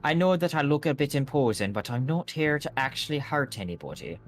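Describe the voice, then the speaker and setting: A man voicing an imposing male traveling investigator who speaks in a gruff, blunt, street-slang way in a tabletop game. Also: a little high, very animated, brisk, voice pushed up. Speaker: player.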